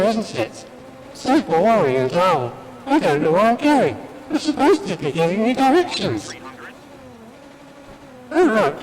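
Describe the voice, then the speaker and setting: A man's voice: high-pitched, long reverb tail, pitched above the performer's own voice, low-quality recording. A man doing an impression of a fussy, prissy male protocol droid over a robot voice filter while driving a rally game.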